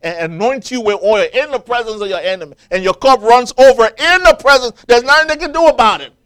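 A man's voice: very high voice, fairly quick, fairly bright tone, smooth. A man preaching a sermon, quoting scripture and building to emphatic, rising peaks as the congregation answers.

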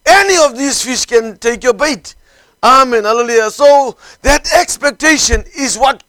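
A man preaching a sermon, peppering his phrases with hallelujah and amen, swinging from calm storytelling to fervent shouting. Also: very high-pitched, a little slow, dry recording.

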